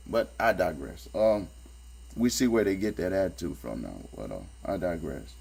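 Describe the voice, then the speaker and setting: A man's voice: expressive, normal speed, creaky, a little mellow. A man giving casual spoken commentary as he reads and critiques scripture, talking in a streetwise, sarcastic, emphatic way and repeating his points. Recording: low electrical hum behind the voice.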